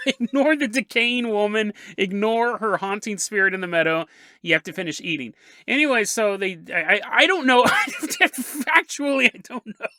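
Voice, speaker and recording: Bright, animated podcast host storyteller. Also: male voice, high-pitched, no room sound, clean studio sound. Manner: jokey, rambling, laughs at his own asides.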